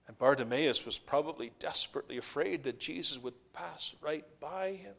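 A man preaching a sermon, swinging from hushed whispers to loud, fervent climaxes with slow, deliberate phrasing. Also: on the high side, creaky.

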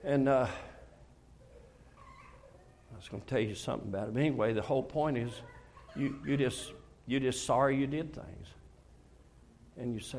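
A man's voice: mid-range voice, moderate pace, long pauses, a little mellow, slight background noise. An older man preaches in a plain, folksy way. He tells stories from his own life and voices both sides of his talks with God. His delivery is heartfelt and personal. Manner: storytelling, acts out dialogues with God, emotional confessions. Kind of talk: folksy conversational sermon.

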